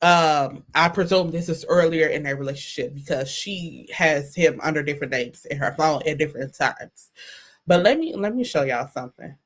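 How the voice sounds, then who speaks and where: A woman's voice: sits low, expressive, normal speed. A woman hosting a casual commentary show, reading texts aloud and reacting candidly, often laughing. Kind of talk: casual commentary on social media drama.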